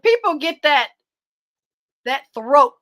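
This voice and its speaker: A woman guest talking casually and bluntly, animated and profane. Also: sits high, slow, a crowd in the background. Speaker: guest commentator. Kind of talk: casual chat.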